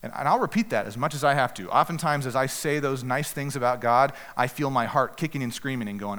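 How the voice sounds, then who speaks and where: Man, pastor delivering an earnest, exhorting sermon; average pitch, reverberant hall sound. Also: a bit bright. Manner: earnest, direct exhortation with slow emphatic pauses. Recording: echoey hall with long reverb.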